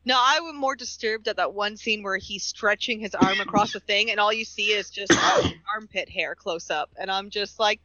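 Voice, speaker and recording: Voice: mid-range voice, normal speed, few pauses, sharp tone, dry recording, lo-fi sound. A podcast co-host in casual chat, blunt and swearing freely.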